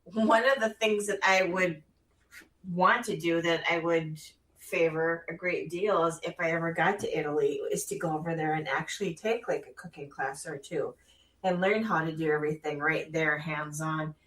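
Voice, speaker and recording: A woman's voice: sits low, steady tone, normal speed, fairly bright tone, reverberant, distant mic, low-quality recording. A woman guest in casual radio chat, talking easily and often chiming in with agreement. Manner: chatty, frequent agreeing interjections.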